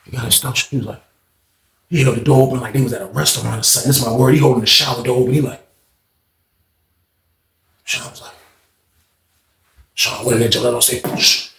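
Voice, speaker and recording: A man casually telling a prison story, acting out the people in it with raised, excited voices. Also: medium pitch, echoey room. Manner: animated, acts out quotes in raised voices.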